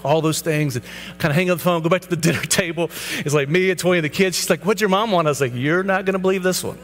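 A man's voice: sits high, fast talker, a bit bright. A man in his thirties, a pastor giving a personal testimony sermon, telling his story earnestly and acting out the dialogue. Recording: hall reverb, faint hum.

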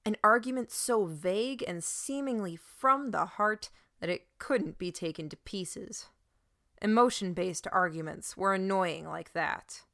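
A woman reading a first-person story aloud in a steady, even narrating manner. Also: mid-range voice, measured pace, vocal fry, no echo, studio quality. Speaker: audiobook narrator.

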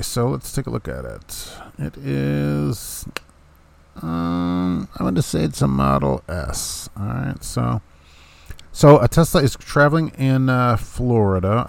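A man's voice: on the low side, gravelly, darkish tone. A man hosting a podcast about trucking, talking casually in a folksy, emphatic way and answering his own rhetorical questions.

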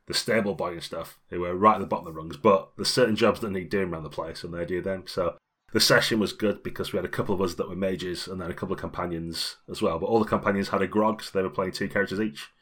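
A man's voice: deep voice, fairly even intonation, fast, fairly bright tone, husky. A middle-aged British man co-hosting a role-playing podcast, chatting casually and rambling with frequent laughs. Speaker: podcast co-host.

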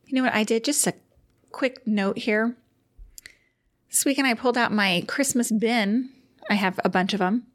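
A woman co-hosting a relaxed podcast, tossing in quick reactions and her own asides. Her voice sits a little high, and she talks in a breezy, conversational way. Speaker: podcast co-host. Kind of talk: casual chat.

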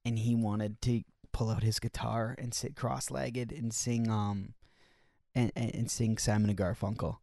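A man's voice: on the low side, flat delivery, unhurried, creaky, dark tone, dry recording, clean studio sound. A man telling touring stories in casual chat, rambling with lots of fillers. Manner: rambling with many fillers and restarts.

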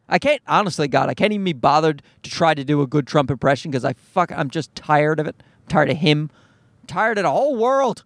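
A man's voice: on the high side, sing-song, normal speed, dry recording, studio quality. A man hosting a solo podcast, ranting in an exasperated, profane and rambling way. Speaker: podcast host. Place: recorded at home at night.

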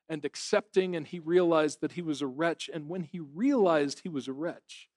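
A middle-aged male pastor preaches in a relaxed, conversational way, poking fun at himself and often starting a phrase twice. His voice sits a little higher than most men's. The sound is dry and close, with no echo of the church room. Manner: conversational, self-deprecating, repeats words while thinking. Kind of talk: sermon. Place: church service.

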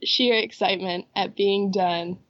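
A woman's voice: mid-range voice, fairly even intonation, measured pace, a bit bright, muffled recording. A woman co-hosting a podcast in casual chat, upbeat and eager, with a head cold that makes her voice nasal. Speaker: podcast co-host.

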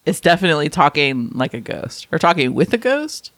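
A woman co-hosting a podcast in casual chat, playful and teasing, laughing easily, with a husky voice. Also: low-pitched, big pitch swings, fairly quick, background noise. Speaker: podcast co-host.

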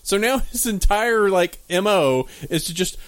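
Lively man acting out film scenes. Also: unhurried. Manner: acts out characters in big high-pitched bursts. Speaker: podcast co-host. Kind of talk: casual chat recapping a film.

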